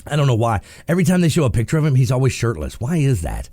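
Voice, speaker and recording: A man's voice: mid-range voice, sing-song, rapid-fire, warm tone, no room sound. Joking radio host man. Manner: joking and sarcastic, laughs often. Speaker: radio talk show host. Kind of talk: casual talk radio commentary. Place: radio studio.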